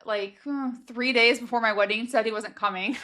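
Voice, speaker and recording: A woman's voice: fairly high pitch, normal speed, sharp tone. A woman in her thirties co-hosting a podcast, chatting casually and telling personal stories with lots of "like.". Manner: chatty storyteller, frequent "like" fillers. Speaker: podcast co-host. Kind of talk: casual chat.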